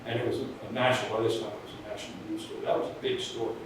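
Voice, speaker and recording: A man's voice: lowish voice, flat delivery, very fast. Guy rambling through an old story, mic far away, really echoey room, noisy. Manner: rambling, restarts, chuckles at his own story. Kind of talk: casual anecdote. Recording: distant echoey room with background noise.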